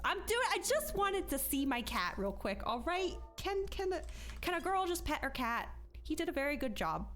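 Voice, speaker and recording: A woman's voice: sits high, big pitch swings, normal speed, a bit bright, soft background music. A woman game streamer in casual live-stream chat, emotional and chatty, laughing and close to tears.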